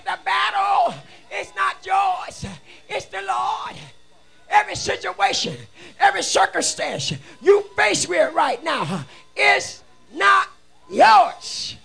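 High, gravelly shouting preacher man. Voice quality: gravelly, husky. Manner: fervent, chanting and exhorting the congregation. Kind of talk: shouted revival sermon with call-and-response. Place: church sanctuary.

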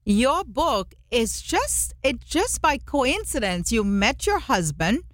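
A woman hosts a radio talk show in a fairly high voice, recorded dry and close. She strings together long run-on questions and recaps the guest's story for her listeners. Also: sing-song, takes it slowly, fairly bright tone, no echo. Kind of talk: radio interview.

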